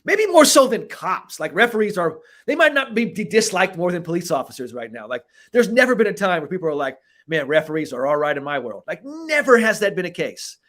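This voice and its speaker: A man's voice: high voice, fairly quick, hardly any pauses. Profane, emphatic male podcast host. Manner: emphatic, profane, animated delivery. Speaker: podcast host and performance coach. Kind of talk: casual podcast conversation.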